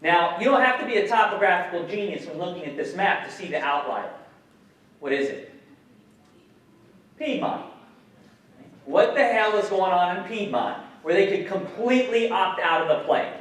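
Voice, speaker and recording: A male guest speaker and educator gives an animated public lecture, questioning the audience and swearing casually. His voice is high-pitched at a normal speed with frequent pauses, captured in an echoey hall with the mic some distance away.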